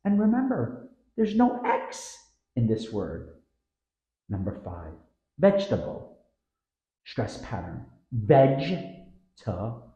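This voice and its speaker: A man's voice: lowish voice, huge pitch swings, warm tone, echoey room, muffled recording. A man narrating a scripted pronunciation lesson, drawing out the words he models. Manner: slow, drawn-out model words with stressed syllables. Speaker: pronunciation teacher.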